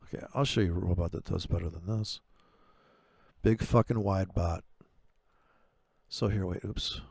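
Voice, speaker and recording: A man who trades currencies, ranting about trading robots in a sarcastic, foul-mouthed way, with his voice leaping much higher whenever he gets worked up. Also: steady tone, a little slow, vocal fry, a little mellow, no room sound. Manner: voice jumps far higher when he gets worked up. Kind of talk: profane ranting commentary over chart playback.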